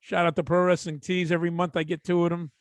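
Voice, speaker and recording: A man's voice: high-pitched, level tone, quick pace, dry recording. A man, co-hosting a podcast in profane, boisterous banter. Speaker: podcast co-host. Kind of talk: casual chat.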